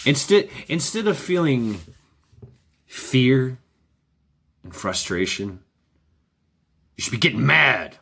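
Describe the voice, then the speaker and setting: A man's voice: mid-range voice, sing-song, drawn-out words, creaky, long pauses, a bit bright, husky. A man talking in a casual, rambling monologue, sardonic and profane, chuckling often. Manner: wry. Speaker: vlogger.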